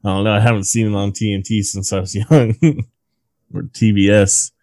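A man's voice: fairly low pitch, flat delivery, fairly quick, a little mellow, dry recording. A man co-hosting a casual movie-review podcast, sharing trivia with profanity and frequent laughter. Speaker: podcast co-host.

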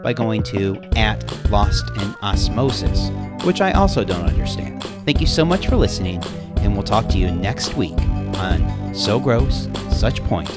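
A man's voice: on the low side, sing-song, unhurried, loud music behind the voice. A man co-hosting a podcast, chatting casually and animatedly. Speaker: podcast co-host.

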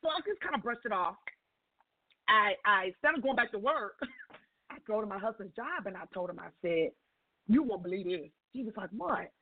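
A woman's voice: medium pitch, moderate pace, dry recording. Woman telling a testimony over the phone. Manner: lively storyteller acting out dialogue. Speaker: guest on call-in radio show. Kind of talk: personal testimony storytelling. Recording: tinny phone line.

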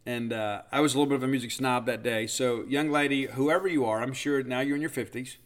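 A man's voice: medium pitch, fairly even intonation, quick pace. A man in his fifties hosting a podcast, telling a rambling, self-deprecating story full of fillers. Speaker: podcast host. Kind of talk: casual storytelling monologue.

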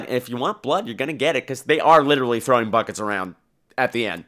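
A man's voice: mid-range voice, quick pace, a bit bright. A man hosting a horror review podcast who talks in a casual, sarcastic way with crude humor. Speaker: podcast host and film reviewer.

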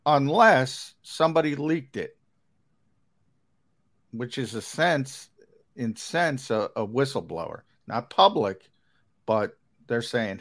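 A man's voice: medium pitch, lively intonation, slow pace, pauses often. A man co-hosting a casual sports talk show, rambling and emphatic with lots of fillers.

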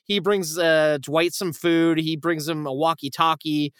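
A man's voice: fairly high pitch, unhurried, clean tone, no room sound, clean studio sound. A young man hosting a film-review podcast, rambling and profane as he retells a plot in a casual chat. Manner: rambling, profane, animated retelling with acted quotes. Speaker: podcast host reviewing films.

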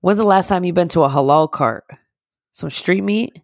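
A woman co-hosting a podcast in casual chat, telling rambling, animated stories with frequent laughs. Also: fairly low pitch, moderate pace, no echo, clean studio sound. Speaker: podcast co-host.

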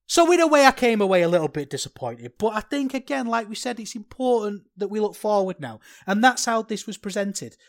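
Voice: medium pitch, animated, fairly quick, hardly any pauses. Podcaster in an impassioned rant. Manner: impassioned ranting, then sheepish and soft. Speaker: wrestling podcast co-host. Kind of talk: casual podcast review chat.

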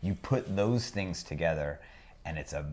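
A man co-hosting a relationship podcast, with an extremely deep, low voice. He speaks in a measured, conversational way, agreeing often and then expanding on the point. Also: animated, darkish tone. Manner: measured and affirming, building on his partner's points. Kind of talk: casual chat.

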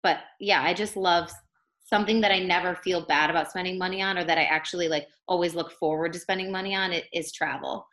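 A young woman talks casually as a podcast guest, chatty and easygoing. Her voice sits a little low for a woman, and her speech is full of "like"s. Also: steady tone, fast, fairly bright tone. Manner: chatty, many fillers like 'like'. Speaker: podcast guest, life coach. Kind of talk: casual interview chat.

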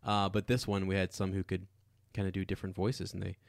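A man with a low voice co-hosts a casual podcast, chatting about a film. He rambles, restarts and breaks up his sentences. The recording is dry and close. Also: completely flat delivery, fast talker, gravelly, no room sound. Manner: rambling, full of fillers and restarts. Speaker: podcast co-host.

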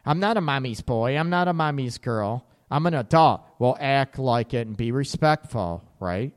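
A man hosting a relationship advice radio show, blunt and animated, with sarcastic asides and casual swearing. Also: medium pitch, normal speed, long reverb tail.

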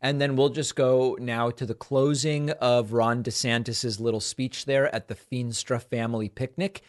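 A man's voice: mid-range voice, steady tone, normal speed. Sarcastic male political show host. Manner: sarcastic, mocking. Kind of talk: commentary over news clips.

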